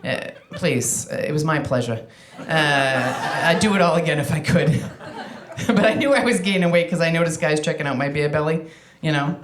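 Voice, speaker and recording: A woman from Massachusetts doing a chatty, self-deprecating stand-up set, full of quick asides and restarts. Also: low-pitched. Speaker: stand-up comedian. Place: comedy club stage with live audience. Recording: roomy club sound with crowd laughter. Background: audience laughter.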